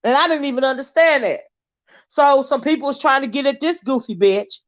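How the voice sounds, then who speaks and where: A woman hosting a YouTube commentary show, ranting in a blunt, loud, heavily profane way. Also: sits high, fairly quick. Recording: dull lo-fi sound.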